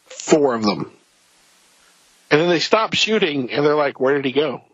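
A man riffing on a film in casual podcast chat, stumbling over repeated words and jumping into mocking voices. His voice has a husky edge, and the recording sounds dull and lo-fi in a dry room. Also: a little high, normal speed, no echo. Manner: stammering, animated, mocking. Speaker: podcast co-host. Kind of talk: casual movie review chat.

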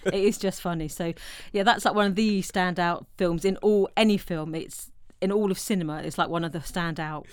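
A woman, co-hosting a casual film chat and retelling the plot with animated storytelling. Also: lowish voice, moderate pace, hardly any pauses, clean tone, dry recording, clean studio sound. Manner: animated storytelling, acts out quotes. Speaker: podcast co-host.

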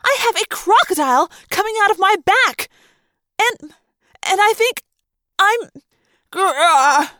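A woman voicing a shrill, panicked teenage girl in an audiobook reading. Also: takes it slowly, hardly any pauses, bright, forceful tone, no echo, clean studio sound, heavily acted. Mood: frantic. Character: frantic teenage girl mid-transformation. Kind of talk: audiobook character voice.

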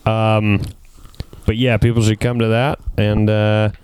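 A man's voice: lowish voice, little pitch movement, takes it slowly, darkish tone, clear, resonant tone. A man, a comedian guest on a podcast, talking playfully with frequent laughter and running jokes in a casual chat. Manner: playful, laughs a lot, bits and callbacks.

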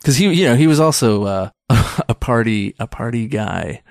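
Man, 30s, comedian guest, rambling and self-deprecating, mid pitch, dry close sound. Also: lively intonation, normal speed, vocal fry, no echo. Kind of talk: casual interview chat.

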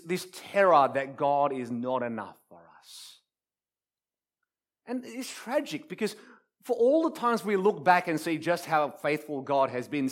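A male preacher delivers his sermon with a lively, swooping voice that sits a little above the usual male pitch. He tells stories dramatically and builds through repeated rhetorical phrases. His delivery swings from hushed to strong. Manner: dramatic storytelling with wide swings from soft to loud; repetitive rhetorical build-ups.

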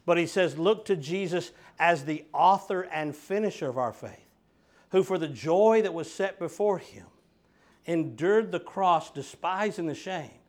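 Emphatic preacher man, higher voice. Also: a little slow. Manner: emphatic, confronting listeners directly. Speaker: pastor. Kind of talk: sermon.

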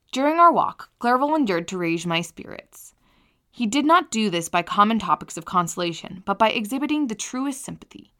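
A woman reading a novel aloud as an audiobook narrator, in an earnest and measured storytelling manner. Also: mid-range voice, lively intonation, fairly bright tone. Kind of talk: scripted narration.

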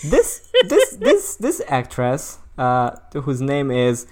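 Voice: mid-range voice, wildly swooping pitch, slow pace. Rambling podcast co-host full of fillers. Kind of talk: casual chat.

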